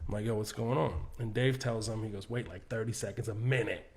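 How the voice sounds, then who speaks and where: A man on a podcast telling a backstage story in a casual, animated way, acting out what others said and laughing often. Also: on the low side, fairly quick. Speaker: podcast guest, comedian.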